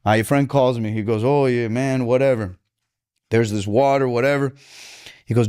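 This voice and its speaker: Excitable Miami man mixing in Spanish. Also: medium pitch, clear, resonant tone. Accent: Miami Cuban-American English with Spanish code-switching. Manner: switches between English and Spanish mid-sentence, acts out voices; profane, excitable, fast bursts. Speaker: podcast guest. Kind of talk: animated storytelling.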